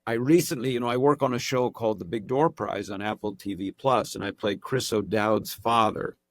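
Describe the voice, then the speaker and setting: Lively, low-voiced American man talking shop. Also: normal speed, dry recording, clean studio sound. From Southern California. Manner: lively storyteller, restarts often. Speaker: guest actor and impressionist. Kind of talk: casual podcast chat.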